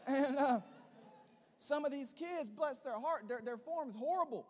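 A man preaching a sermon in a high, light voice. He pushes up into loud, emphatic bursts, then settles into quieter, gentler teaching. The sound carries the long reverb of a large hall. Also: unhurried. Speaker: pastor.

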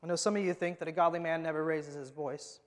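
A man preaching a sermon as the pastor of his church, emphatic and moving from loud to hushed. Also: fairly high pitch, steady tone, fast talker. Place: church sanctuary. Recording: long hall reverb.

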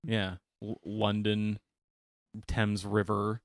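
A man's voice: fairly low pitch, level tone, extremely slow, no room sound, studio quality. A man in casual podcast chat, rambling and jokey. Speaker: podcast co-host.

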